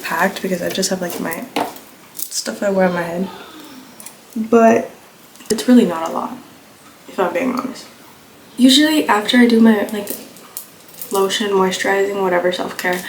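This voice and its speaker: A young woman with a slightly hoarse voice talks offhandedly through her makeup routine, rambling and leaning on fillers. She sits at middle pitch for a woman and speaks into a phone camera. The room is echoey, with clear noise underneath. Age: young adult. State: slightly hoarse, coming down with a cold. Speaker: beauty vlogger. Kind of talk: casual makeup tutorial chat.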